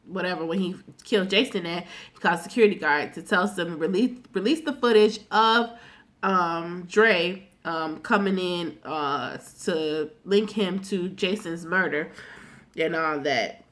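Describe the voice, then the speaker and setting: A woman's voice: fairly low pitch, measured pace. A woman vlogger recapping a TV episode in casual, slang-heavy talk, acting out what the characters say. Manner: animated retelling, acting out characters' lines.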